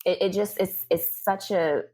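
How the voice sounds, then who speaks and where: A young adult woman speaking as a podcast guest, telling her story candidly and acting out what other people said to her. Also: medium pitch. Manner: animated, acts out other people's remarks in quick bursts.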